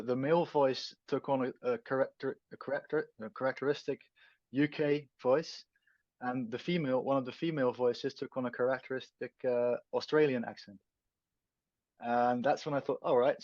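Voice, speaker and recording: Appearing as an interview guest, a Dutch-accented man from the Netherlands, a native Dutch speaker, thinks carefully and hunts for his words. His voice is medium-pitched and a little mellow, with no room sound in the dull, dry, lo-fi recording.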